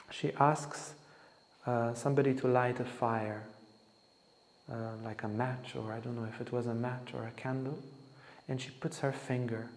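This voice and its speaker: A man's voice: medium pitch, creaky, a little mellow. A man giving a spiritual lecture, telling stories about a saint in an earnest, anecdotal way. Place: lecture hall at an ashram. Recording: echoey hall reverb.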